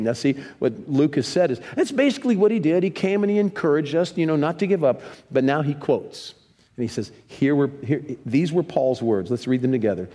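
A man preaching a sermon in a church, lively, leading the congregation in reading scripture aloud. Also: fairly high pitch, moderate pace. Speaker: pastor. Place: church sanctuary. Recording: long reverb of a church hall.

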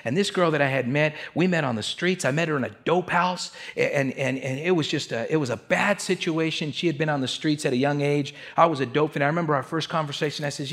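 A man's voice: a little high, fairly quick, hardly any pauses, a bit bright. A man telling a candid, emotional testimony to a congregation in a streetwise way. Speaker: speaker giving a testimony.

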